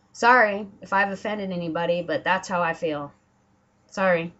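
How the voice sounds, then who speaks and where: A woman vents into a muffled home camera mic, swearing freely and mocking her opponents in put-on voices. Her pitch sits in the middle range, and her indignant tone jumps up whenever she gets fired up. The audio sounds dull and lo-fi. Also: a bit bright. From Washington State. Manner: profane, indignant, sarcastic mock quotes. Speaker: political vlogger. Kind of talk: angry ranting monologue. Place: home, dogs barking nearby.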